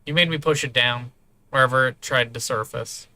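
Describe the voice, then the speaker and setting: A man's voice: medium pitch, normal speed, bright, forceful tone. A man voicing a hurt young woman who is crying, stammering and lashing out. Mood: bitter. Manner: trembling, stammering, then lashing out.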